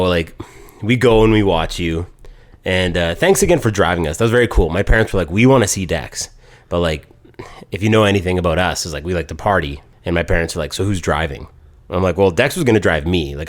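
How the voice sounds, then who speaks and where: A man co-hosting a podcast, telling a story in casual chat and quoting people as he goes. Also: sits low. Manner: animated storyteller, quotes people in voices. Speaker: podcast co-host.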